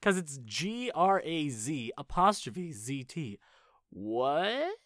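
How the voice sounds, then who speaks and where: A man's voice: fairly high pitch, very animated, slow, a bit bright, no room sound, clean studio sound. A man in a casual rambling book chat, sounding out odd names aloud and swearing as he goes.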